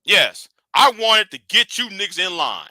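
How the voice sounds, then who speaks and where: A man hosting a livestream, scolding and animated in a profane rant that swings from shouting to hushed. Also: high voice, unhurried, no echo. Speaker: livestream host.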